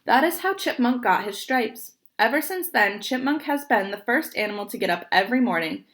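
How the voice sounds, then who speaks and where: A young woman reading a picture book aloud, gentle and expressive, pausing to point at the pictures. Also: fairly high pitch, slight background noise. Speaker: storybook reader.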